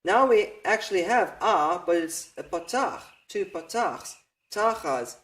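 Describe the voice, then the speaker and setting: Male teacher, high-pitched, unhurried; patient, repeats key points while explaining grammar. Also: expressive, a bit bright. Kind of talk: slow explanatory lecture.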